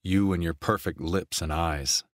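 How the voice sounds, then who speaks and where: A man doing a rasping, intense young lover. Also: unhurried, no room sound, studio quality. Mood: intense, hushed. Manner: rasping, growling, low and hushed. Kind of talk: audiobook character voice.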